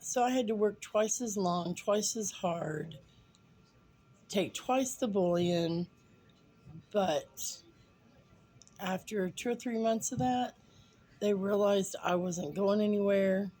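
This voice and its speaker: A woman's voice: mid-range voice, slow pace, pauses often, warm tone, poor audio. A woman in her fifties telling a funny personal story in a chatty way, with fillers and acted-out quotes. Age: 50s. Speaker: vlogger.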